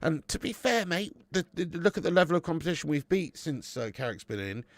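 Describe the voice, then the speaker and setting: Fast and very animated, this livestream host has a fairly high voice. He runs a football watch-along, trading banter with chat, cursing, and laughing while reading out their messages.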